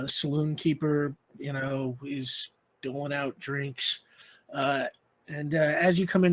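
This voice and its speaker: Man narrating a tabletop game. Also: a little high. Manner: relaxed, filler-heavy narration. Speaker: game master.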